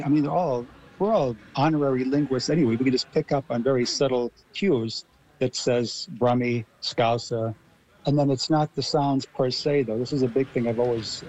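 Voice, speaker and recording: A man's voice: medium pitch, a little mellow, poor audio. A man with an American accent, a guest on a radio interview, explaining his points at length. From Los Angeles, USA. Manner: explanatory, builds arguments. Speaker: guest linguist.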